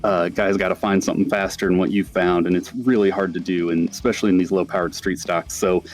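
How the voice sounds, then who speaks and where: A man who has just won the race, answering interview questions hesitantly and pausing on frequent filler words. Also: low-pitched, little pitch movement. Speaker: winning race driver.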